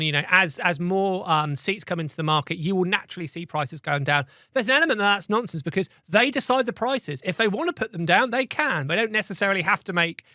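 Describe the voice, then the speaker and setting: A man's voice: sits high, pushed and bright, dry recording, studio quality. A man co-hosting an aviation podcast, giving blunt opinions and teasing his co-host. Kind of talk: casual podcast chat.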